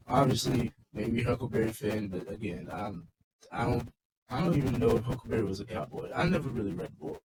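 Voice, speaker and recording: A man's voice: mid-range voice, animated, a little fast, noisy background. A man casually recapping a wrestling show in a loose, rambling, swearing rant.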